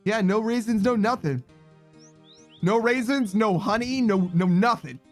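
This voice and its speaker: A man's voice: high-pitched, unhurried, faint music behind. A man streaming, chatting casually with his viewers, reading chat aloud and teasing them with slangy, swearing banter. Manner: laughs often, teasing, reads chat messages aloud.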